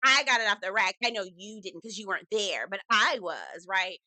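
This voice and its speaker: A woman's voice: medium pitch, animated, normal speed, pushed and bright, dry recording. A woman putting on the voice of a vain woman who brags about her designer clothes, with an airy, showy delivery. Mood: boastful.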